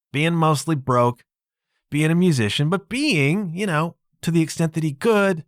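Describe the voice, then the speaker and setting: A man's voice: on the high side, no room sound, clean studio sound. A man hosting a solo podcast, talking emphatically in a conversational way and often checking in with the listener. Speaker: podcast host.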